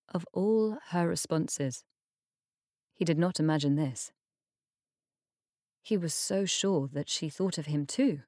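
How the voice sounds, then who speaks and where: A woman narrating an audiobook in a measured, unhurried storytelling manner. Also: lowish voice, darkish tone, no echo, studio quality. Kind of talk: scripted narration.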